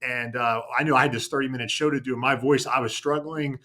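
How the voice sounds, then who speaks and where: A man's voice: mid-range voice, steady tone, fairly quick, sharp tone. A man co-hosting a casual station chat show, telling a long story with many restarts and fillers. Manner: rambling, self-correcting storytelling. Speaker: TV news anchor.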